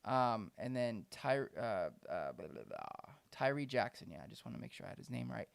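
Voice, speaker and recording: A man co-hosting a casual fantasy football podcast, reading out names with animated delivery and frequent laughs. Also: medium pitch, brisk, creaky, clean tone, no echo. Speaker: podcast co-host. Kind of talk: casual chat.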